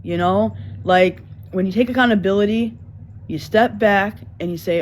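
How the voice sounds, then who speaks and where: A man's voice: sits high, normal speed, slight background noise, poor audio. A man talking on his own livestream, rambling and repeating himself as he speaks about taking accountability, earnest and defensive. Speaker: livestream host. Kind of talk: livestream apology talk.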